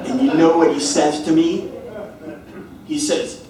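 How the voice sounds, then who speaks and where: A man's voice: on the high side, steady tone, measured pace, long pauses, noisy background. A man doing stand-up comedy, telling a story with mock exasperation at bad puns. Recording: very echoey room, mic far away.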